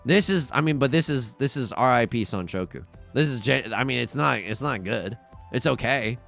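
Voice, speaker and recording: Lively, gravelly young man streaming a game. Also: mid-range voice, normal speed, soft background music. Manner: playful, jokey, talks to chat. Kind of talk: live game commentary.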